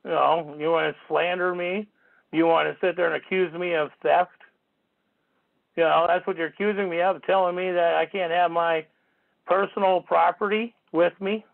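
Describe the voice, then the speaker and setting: Indignant gravelly man on a tinny phone line. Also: sits high, steady tone, normal speed. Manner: rambling, indignant, swears casually. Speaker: radio talk show host. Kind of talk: call-in radio monologue.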